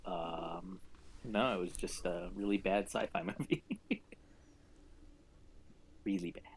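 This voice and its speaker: A man's voice: deep voice, slow pace, creaky, slight background noise. A man co-hosting a podcast, ranting in an exasperated comic tone. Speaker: podcast co-host. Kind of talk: comic rant.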